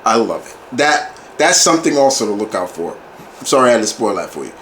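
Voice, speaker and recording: A man's voice: lowish voice, very animated, brisk, fairly bright tone. A man giving a casual movie review, talking like an enthusiastic fan who often repeats and restarts his phrases. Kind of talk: casual video review monologue. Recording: roomy echo, faint background hiss.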